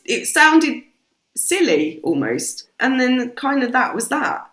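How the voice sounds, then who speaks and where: A British woman, a podcast guest, telling stories in a casual, animated way and swearing freely. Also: high-pitched, takes it slowly. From Britain. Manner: animated, swears freely, acts out quoted voices. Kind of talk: casual storytelling chat. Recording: roomy echo.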